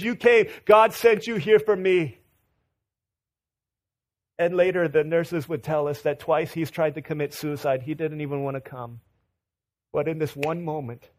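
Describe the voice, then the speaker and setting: Fervent male preacher telling a story. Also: fairly high pitch. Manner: builds from quiet storytelling to rising fervent emphasis, with repeats and restarts. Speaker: pastor. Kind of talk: sermon with mission story.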